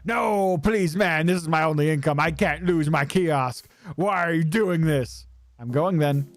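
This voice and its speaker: A man's voice: a little high, measured pace, no room sound, studio quality. A man voicing a defensive, foul-mouthed male kiosk owner, indignant and pleading. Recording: faint music behind.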